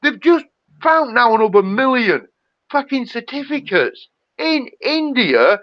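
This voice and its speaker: A man delivers a profane, heated rant on a chat show. His voice sits high and swings widely in pitch. The sound is dry and close, but dull and lo-fi. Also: sing-song, unhurried, no echo. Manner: profane, ranting, fired up. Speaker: regular guest on a live chat show.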